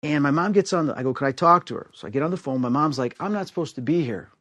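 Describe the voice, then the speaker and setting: A man from the United States telling a personal story in an animated way, acting out the voices of the people in it. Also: fast talker, no echo. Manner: acts out quoted voices with big pitch swings. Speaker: storyteller guest.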